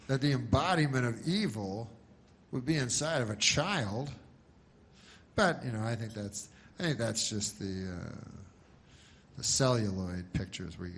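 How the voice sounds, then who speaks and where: A man doing a stand-up set, deadpan and halting, with many false starts. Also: lowish voice, creaky, slight background noise. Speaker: stand-up comedian.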